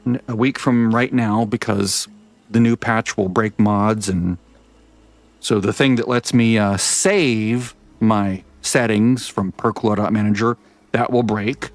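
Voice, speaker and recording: A gaming vlogger talks casually over his game in a fairly low, steady voice, moving a little slowly. He rambles and chats, often stopping to correct himself, and the recording is dry.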